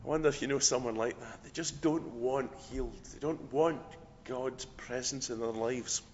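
Hoarse pastor preaching a sermon. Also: male voice, mid-range voice, normal speed, a little hiss or hum. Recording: dull lo-fi recording in a reverberant church.

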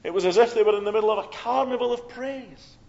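A man preaching a sermon, telling stories with swings from loud, urgent passages to hushed ones. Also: sits high, fast talker, gravelly. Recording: long hall reverb, dull lo-fi sound.

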